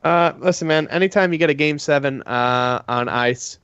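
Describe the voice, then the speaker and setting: A man's voice: on the high side, moderate pace, a bit bright, clear, resonant tone, no echo, dull audio. A man co-hosting a casual sports podcast, rambling through his analysis with many fillers. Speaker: podcast co-host.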